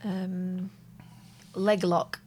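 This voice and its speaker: A woman's voice: fairly low pitch, little pitch movement, drawn-out words, darkish tone. A woman co-hosting a live show, giving dry, laconic replies in casual banter. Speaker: co-host.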